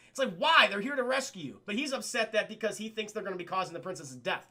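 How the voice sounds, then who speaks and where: A man casually recapping a cartoon episode for a live chat, animated and full of swearing. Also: sits high, brisk, gravelly, hardly any pauses. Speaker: cartoon reviewer streaming to chat.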